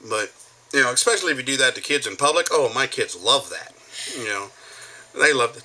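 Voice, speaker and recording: A man's voice: medium pitch, brisk. A man talking casually to camera, telling stories and slipping into impressions. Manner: animated, jumps between impressions. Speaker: vlogger. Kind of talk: casual storytelling monologue.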